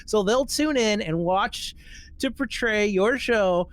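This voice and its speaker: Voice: mid-range voice, slow, no echo. A podcast host reading a social media post aloud and mocking it, swearing casually and laughing between lines.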